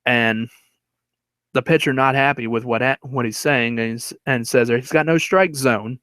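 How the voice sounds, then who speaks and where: A man's voice: mid-range voice, fairly even intonation, normal speed, a bit bright, smooth, no echo. A man reviewing a movie, retelling its plot in a casual, rambling way with fillers and chuckles.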